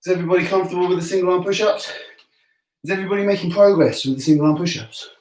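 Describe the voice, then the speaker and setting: Breathless coach in an echoey room. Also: male voice, high-pitched, fairly even intonation, rapid-fire, darkish tone, recorded from a distance. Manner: chatty, joking, coaxing a pet dog between sets. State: out of breath between sets. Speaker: fitness coach. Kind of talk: live home workout class. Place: room at home.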